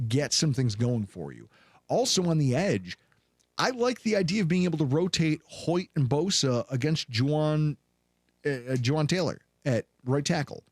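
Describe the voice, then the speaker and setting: Animated podcast host, lively pitch. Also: male voice, husky, no room sound. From Buffalo, New York area. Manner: animated, acts out voices in anecdotes. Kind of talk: casual podcast storytelling.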